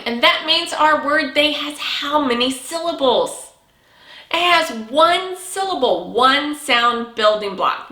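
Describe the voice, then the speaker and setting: A woman teaching preschoolers, speaking in a slow, encouraging, sing-song way and praising often. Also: on the high side, sharp tone. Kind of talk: early learning lesson for young children. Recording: echoey room.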